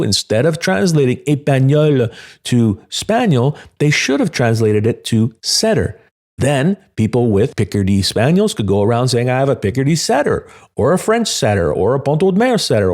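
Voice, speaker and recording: Lively, enthusiastic male podcast host. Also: mid-range voice. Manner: enthusiastic, explanatory storyteller. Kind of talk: solo podcast monologue.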